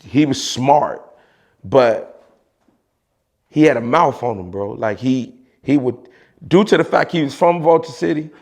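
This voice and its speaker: Gravelly Chicago man telling a story. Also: medium pitch, unhurried, long pauses. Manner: animated, mimics voices of others in quotes, frequent laughs and slang. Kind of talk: casual storytelling.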